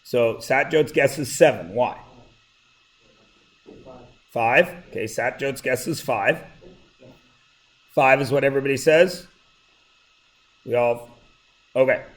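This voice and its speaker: Slow-talking relaxed male math teacher. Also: medium pitch. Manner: relaxed, jokey, checks in with students often. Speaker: high school math teacher. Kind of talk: classroom lecture. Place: classroom. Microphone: plugged-in classroom mic.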